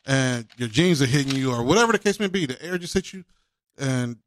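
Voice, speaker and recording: A man's voice: medium pitch, expressive, fairly quick, slight background noise. A man in a casual chat who talks in a laid-back, rambling way, often tacking on "man".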